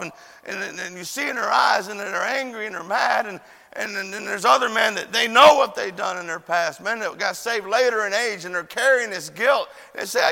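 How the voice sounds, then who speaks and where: A high-pitched preacher with a gravelly, sharp edge tells his story from the pulpit. He moves from quiet, confiding asides to full-throated shouts. His voice rings out through the long reverb of a church hall. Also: normal speed. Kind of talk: sermon. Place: church chapel.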